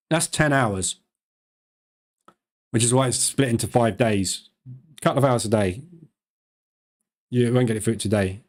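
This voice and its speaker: A man hosts a live stream, talking quickly and informally. His delivery is loose and chatty, full of fillers and quick asides. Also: medium pitch, darkish tone. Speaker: live-stream trading host.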